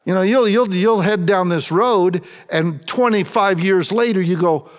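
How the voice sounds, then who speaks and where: High-pitched male pastor, chatty and wry, reverberant hall sound. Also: a little slow. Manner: chatty, asks the congregation rhetorical questions, wry humor. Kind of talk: conversational sermon.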